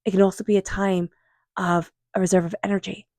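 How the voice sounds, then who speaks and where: A woman doing a tarot reading, speaking in a calm, unhurried, affirming way and softly repeating invocations. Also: mid-range voice, dry recording. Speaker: tarot reader. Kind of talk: tarot card reading monologue.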